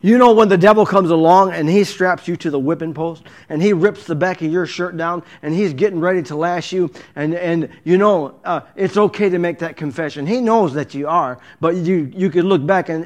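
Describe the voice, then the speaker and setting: A man with a fairly high voice preaches in a storytelling sermon style, acting out the dialogue of the scene. He talks in bursts with frequent restarts and repeated words. At times he sinks to a hushed, low delivery. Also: normal speed, few pauses. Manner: dramatic retelling with acted dialogue, frequent restarts.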